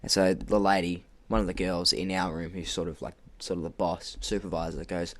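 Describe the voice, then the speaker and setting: A young man telling an animated work story on a podcast, acting out quotes and laughing often. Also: low-pitched, fairly quick. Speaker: podcast co-host. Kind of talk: casual storytelling.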